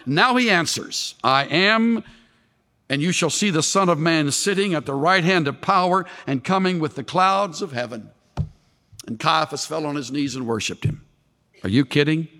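A male preacher giving an expository sermon, animated, with dramatic swings of voice when he quotes. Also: moderate pace, long reverb tail. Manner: animated, dramatic shifts in pitch when quoting.

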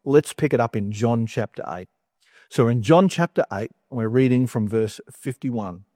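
A man preaches in an easygoing, conversational way and drops wry jokes between his points. His voice sits at an ordinary middle pitch. The sound is close and dry, with no room echo. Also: moderate pace, warm tone. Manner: chatty and wry, with humorous asides. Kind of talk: conversational sermon.

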